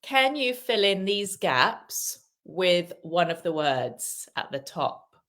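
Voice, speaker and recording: A patient woman from Wales leads a live online English lesson, pitched a little low. She speaks slowly and repeats key phrases so learners can follow. She praises each answer in an encouraging way. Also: big pitch swings, fairly bright tone. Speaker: English teacher.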